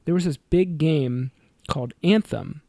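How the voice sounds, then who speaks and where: A man's voice: a little high, a little slow, dark tone, no room sound. A man co-hosting a film review podcast, talking casually, giggling often and rambling with many fillers. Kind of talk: casual chat.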